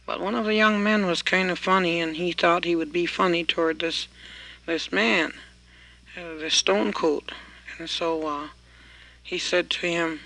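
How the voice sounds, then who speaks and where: A male storyteller relating an old folk tale in a relaxed, folksy way, filling his telling with "he says". His voice is fairly high and bright. He tells it at an easy, unhurried pace. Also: gravelly, poor audio.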